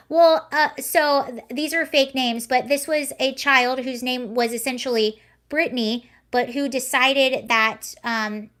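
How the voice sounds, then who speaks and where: Young woman, high voice, casual livestream chat, rambling, self-correcting. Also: a bit bright. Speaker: livestream host.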